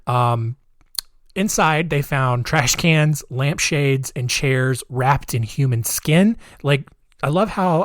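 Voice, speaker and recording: A man's voice: mid-range voice, no echo, clean studio sound. A male podcast host telling a true-crime story in a chatty, wry way, with frequent fillers and laughs at grim details.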